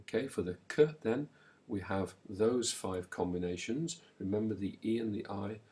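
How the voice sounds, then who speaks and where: Male language teacher, lowish voice, slow and clear, leaves pauses for repetition. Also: a little mellow. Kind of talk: recorded language lesson.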